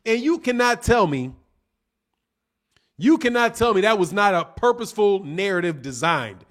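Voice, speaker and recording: A man's voice: sits high, very animated, moderate pace. A man giving casual livestream commentary on boxing, reading chat comments and answering them in a blunt, heated, slang-heavy way, often repeating his points.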